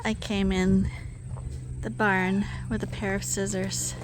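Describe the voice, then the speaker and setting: A woman's voice: medium pitch, little pitch movement, takes it slowly, background noise. A woman sheep farmer narrating a farm vlog in her barn, cooing to her animals in baby talk.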